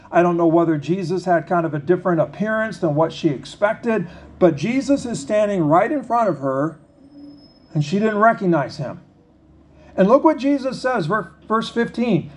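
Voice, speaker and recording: High-voiced man preaching conversationally. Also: a little mellow, slight background noise. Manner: conversational preaching, reads scripture slowly with pauses. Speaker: pastor. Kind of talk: sermon.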